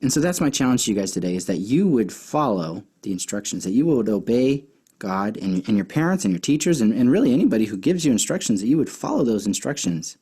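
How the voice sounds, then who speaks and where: A man's voice: fairly low pitch, sing-song, fast talker, warm tone, slightly rough. A man teaching a children's Bible lesson as a casual story, chatty and full of fillers and restarts.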